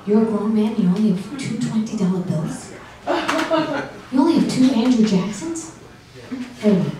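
A middle-aged woman doing a stand-up comedy set with dry, deadpan delivery and audience banter. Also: fairly high pitch, normal speed. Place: comedy club stage. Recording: echoey club room from far off, noisy.

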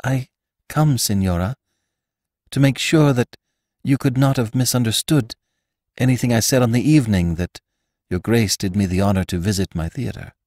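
A humbled young actress, as a male narrator plays her, pleads hesitantly in a soft, lifted voice. The delivery is anxious and halting, and the recording is dry and close. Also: fairly low pitch, husky, no room sound. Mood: anxious, pleading. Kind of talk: audiobook character voice.

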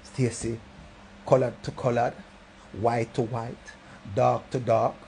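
Gravelly Jamaican man telling a comic story. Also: level tone, takes it slowly, a little hiss or hum. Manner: swings from low mutters to loud outbursts. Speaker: comedic storyteller. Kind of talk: rambling comic monologue.

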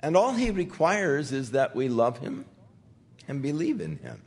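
An older man, a pastor, teaching the Bible verse by verse in a gentle conversational way, softly voicing the quotes he tells. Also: a little high, sing-song, a little slow.

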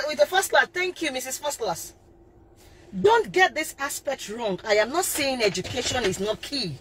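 This middle-aged woman's voice is fairly high, fairly bright and husky as she delivers a fervent live talk as a parenting coach. Preaching emphatically, she stresses each point and keeps repeating and restarting her phrases.

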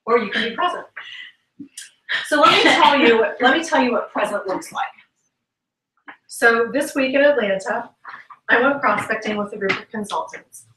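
A woman giving an upbeat motivational talk, slipping into little acted-out dialogues as she tells her stories. Her voice is bright and sharp, and it comes from a little way off in an echoey room. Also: on the high side, moderate pace, long pauses, recorded from a distance, a little hiss or hum. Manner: animated storytelling, acts out quoted conversations. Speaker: guest speaker and sales trainer.

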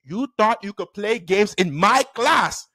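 A man doing a slow, stern male teacher. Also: high-pitched, expressive, bright, forceful tone, dry recording, clean studio sound, heavily acted. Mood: menacing. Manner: slow, deliberate, menacing questioning.

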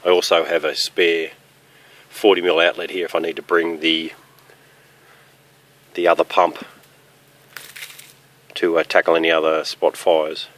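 A man walking around his rural property outdoors, explaining his fire sprinkler system in a plain, practical, matter-of-fact way with pauses. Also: deep voice, monotone, a bit bright. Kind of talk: casual walkthrough narration. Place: outdoors on a rural property near a running pump.

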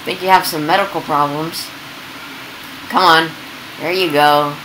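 A woman giving excitable, casual commentary over gameplay, yelping and laughing at the chaos. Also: low voice, unhurried, slight background noise, low-quality recording.

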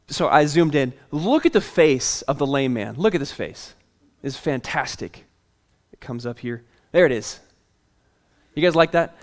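A male pastor preaching a sermon with a voice that sits a little high. He tells a story in a lively, playful way and chuckles along, then eases into a softer, earnest tone to make his point.

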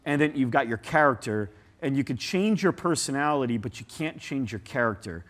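A man speaking as a guest in an interview, animated and storytelling, leaning on "like" a lot. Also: medium pitch, brisk. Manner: animated, storytelling, says "like" often. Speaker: guest agency CEO. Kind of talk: conversational interview.

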